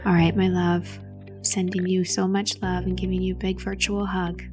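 A woman hosting a show and coaching a caller through grief in a soft, soothing, nurturing way. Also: on the low side, flat delivery, moderate pace, soft background music. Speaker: host giving advice to a caller. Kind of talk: gentle coaching on a call.

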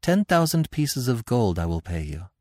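A man voicing a proud, poised young royal woman in a calm, confident manner, in an audiobook reading. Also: mid-range voice, normal speed, no echo, studio quality.

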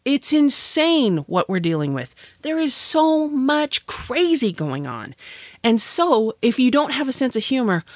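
A woman's voice: mid-range voice, no echo. Bubbly, chatty woman with a dry sound. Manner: bubbly, exclamatory, chatty with big swings in pace. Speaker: business owner sharing tips. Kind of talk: recorded guest message for a podcast.

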